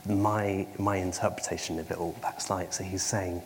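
A man's voice: sits low, flat delivery, normal speed. A man preaching a sermon, hesitant, with frequent ums and restarts and wry self-mocking humour. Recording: long hall reverb, faint background noise.

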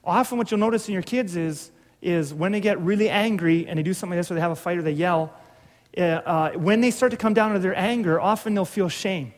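Middle-aged male pastor, high voice, loose joking storyteller, reverberant hall sound. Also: brisk. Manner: conversational storytelling with restarts and humor. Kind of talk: sermon.

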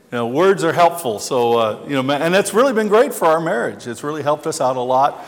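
A man's voice: on the high side, lively intonation, fairly quick, few pauses. Man preaching, echoing church hall. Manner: chatty, self-deprecating storyteller with many restarts. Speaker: pastor. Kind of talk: conversational sermon with humor. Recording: long hall reverb.

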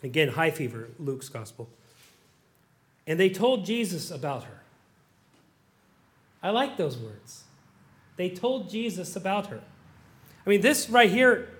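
Middle-aged pastor guy preaching, pretty high voice, gets loud and pleading then drops way down soft. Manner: swings from quiet musing to loud impassioned pleading; acts out prayers in a pleading voice. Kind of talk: sermon.

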